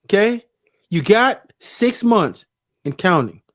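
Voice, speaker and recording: Brief: high-voiced, animated man co-host, playful mock-serious ribbing. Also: slow pace. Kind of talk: casual show banter.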